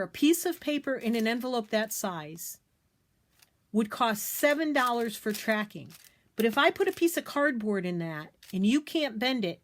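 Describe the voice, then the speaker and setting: Middle-aged American woman, higher voice, craft vlogger venting to camera, emphatic and indignant. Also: normal speed. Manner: animated, indignant, emphatic repetitions. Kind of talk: casual ranting story to camera.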